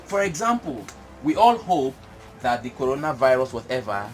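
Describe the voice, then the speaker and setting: Male business guest, animated and emphatic, clear music bed behind. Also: mid-range voice, normal speed. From Nigeria. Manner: animated, emphatic, laughs often. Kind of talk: casual chat.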